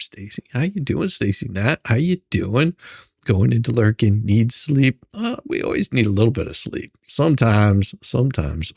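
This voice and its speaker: Man, livestream host, casual chat, gravelly voice, dry close sound. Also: fairly low pitch, a little mellow, no room sound. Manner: chatty, greets viewers by name, laughs often. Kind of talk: casual live-stream chat.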